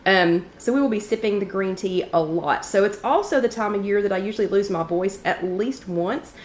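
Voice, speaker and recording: In a mid-range voice at normal speed, a talkative woman from East Tennessee runs a laid-back live wellness chat, regularly stopping to welcome viewers by name. Her throat is slightly scratchy from allergies, and faint noise sits in the echoey room.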